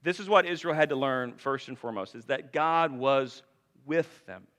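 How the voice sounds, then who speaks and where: Male pastor, bright and forceful tone, chatty sermon delivery, long church reverb. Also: medium pitch, normal speed. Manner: conversational preaching with frequent rhetorical questions. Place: church sanctuary.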